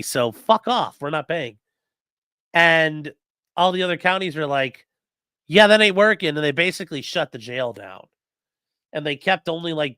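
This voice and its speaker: On a casual livestream chat, a man whose voice is on the high side tells courtroom stories from his defense attorney work. He's profane and animated, acting out the people he quotes, and the sound is clean studio audio without echo.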